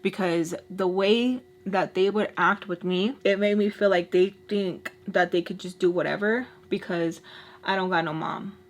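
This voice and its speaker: A young woman telling a dramatic story while doing her makeup, acting out what people said, shifting from hushed asides to loud outbursts. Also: medium pitch, a little slow. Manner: expressive storyteller, acts out quotes, switches loud and soft. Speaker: beauty vlogger telling a story.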